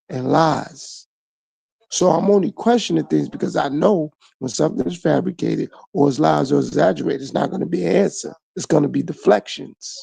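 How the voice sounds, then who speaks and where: A man's voice: on the high side, vocal fry, warm tone, breathy edge, no echo. A man hosting his own podcast, talking through a reflective solo monologue full of repeated phrases and rhetorical questions. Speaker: podcast host.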